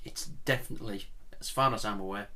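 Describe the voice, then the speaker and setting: A man's voice: on the low side, fast, sharp tone. A man talking casually at home as he reviews a whisky, chatty and rambling, often digressing and poking fun at himself. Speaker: whisky vlogger reviewing a dram. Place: at home, indoors, blinds closed.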